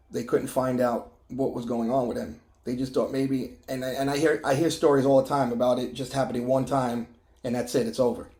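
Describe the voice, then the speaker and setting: A man's voice: mid-range voice, a little mellow, echoey room. Emotional man telling a personal testimony. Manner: emotional, halting, many restarts and fillers. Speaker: testimony vlogger.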